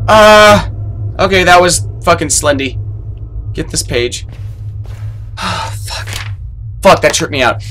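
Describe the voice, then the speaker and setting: A man commentating his own horror gameplay, swearing a lot and yelling in panic when the game startles him. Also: on the high side, normal speed.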